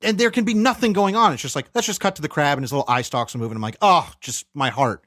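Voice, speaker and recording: Animated podcast host retelling a movie. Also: male voice, fairly high pitch, very fast, no room sound, studio quality. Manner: animated, acts out characters' lines while retelling scenes. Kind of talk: casual movie review chat.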